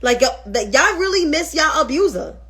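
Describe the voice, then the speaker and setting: A woman's voice: sits high, very animated, normal speed, sharp tone. A woman hosting a political commentary livestream, ranting heatedly and with lots of swearing, and answering viewers' comments as she goes. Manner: talks back to viewers' comments.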